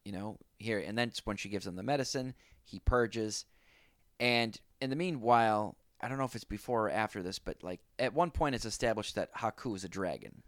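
A man co-hosting a podcast, calmly explaining plot points in a casual chat. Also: on the low side, brisk, no echo, clean studio sound. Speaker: podcast co-host. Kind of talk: casual chat recapping a film.

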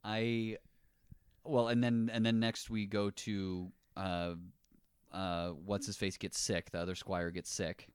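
A man's voice: on the low side, little pitch movement, clear, resonant tone, no room sound, clean studio sound. A man co-hosting a casual chat about a film, laid-back and acting out bits of dialogue. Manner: laid-back, acts out lines in quick voices. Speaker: podcast co-host.

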